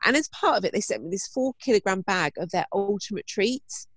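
A woman's voice: mid-range voice, lively intonation, brisk, dry recording. Woman, chatty, enthusiastic, podcast co-host, dry recording. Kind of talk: casual chat.

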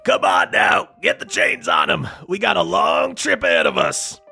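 A man voicing a gruff dungeon guard who barks orders at prisoners. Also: on the high side, wildly swooping pitch, moderate pace, sharp tone, shouting, soft background music, full character voice. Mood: commanding. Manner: barking orders.

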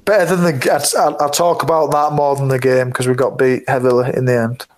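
A man's voice: mid-range voice, level tone, a little fast, slight background noise, low-quality recording. Laughing young man telling stories. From England. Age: 20s. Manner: rambling, laughs often, many fillers. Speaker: guest rugby player. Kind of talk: casual anecdote-telling.

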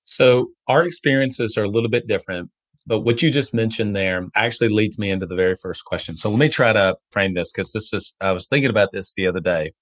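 A man's voice: on the low side, no room sound. A man hosting a podcast interview, talking. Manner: conversational, reads ad copy briskly. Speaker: podcast host.

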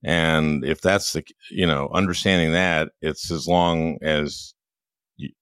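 A man hosting an interview, asking questions in a folksy, halting way with plenty of 'uh'. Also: rumbling low, steady tone, fairly bright tone, smooth, no room sound, studio quality. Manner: hesitant, folksy, many 'uh' pauses. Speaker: podcast host.

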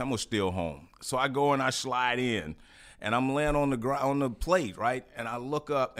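A man's voice: lowish voice, fairly bright tone. A man telling a conversational anecdote as an interview guest, checking in with the listener as he goes. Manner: conversational storyteller.

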